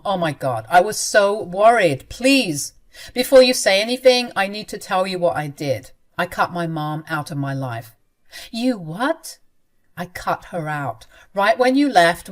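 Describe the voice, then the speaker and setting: A woman voicing a gentle young husband who talks in a soft, earnest, apologetic way in a narrated story. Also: on the low side.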